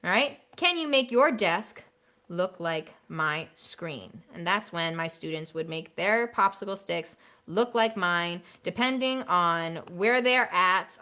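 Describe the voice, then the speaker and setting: Teaching music teachers of young children in an online workshop, a fairly low-pitched woman keeps things energetic and conversational, sometimes demonstrating with little songs.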